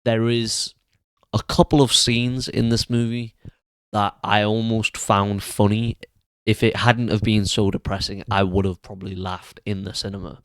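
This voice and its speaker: A man's voice: lowish voice, flat delivery, unhurried, smooth, dry recording. A man giving a spoken film review, blunt and earnest in his criticism.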